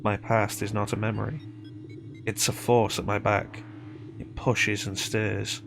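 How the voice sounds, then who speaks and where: A man reciting a game character's lines in a deliberately flat, monotone voice. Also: lowish voice, creaky, music in the background.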